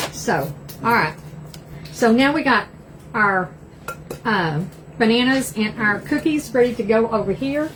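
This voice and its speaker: A woman's voice: on the high side, noisy background. An older woman with an East Texas Southern accent, chatting folksily to viewers as she cooks live in her home kitchen. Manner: chatty and folksy, says y'all a lot. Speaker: cooking livestream host. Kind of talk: casual live cooking chat.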